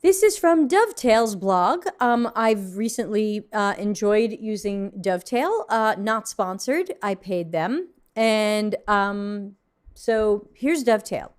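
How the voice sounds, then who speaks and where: A woman hosts a casual livestream from her desk, reading out viewer submissions and reacting to them. She is frank and mildly snarky, filling her talk with ums and restarts. Her pitch sits right in the middle of the usual range. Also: animated, slow, smooth.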